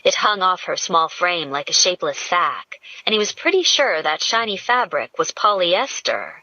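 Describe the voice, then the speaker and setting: A woman narrating an audiobook in a slow, measured storytelling manner. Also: on the low side, very animated, bright, forceful tone, no echo. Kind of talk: scripted narration. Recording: dull lo-fi dry audio.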